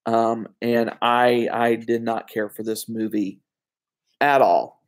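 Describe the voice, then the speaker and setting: A man's voice: mid-range voice, level tone, takes it slowly. A man with an ordinary mid-range voice reviews films by himself in a loose, chatty way. He wanders through his opinions with frequent fillers and little asides. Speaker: film reviewer. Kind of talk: casual solo movie review.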